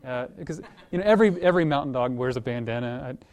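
A male pastor preaching a sermon in a conversational way, telling a story with lively acted-out voices and repeating words as he restarts, then praying. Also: mid-range voice, fast talker. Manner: animated storytelling, acts out quoted voices.

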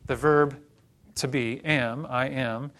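Man from Oklahoma preaching, mid-pitched voice, chatty teacher with wry jokes. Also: steady tone, slow, a bit bright. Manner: conversational teaching with joking asides. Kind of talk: sermon.

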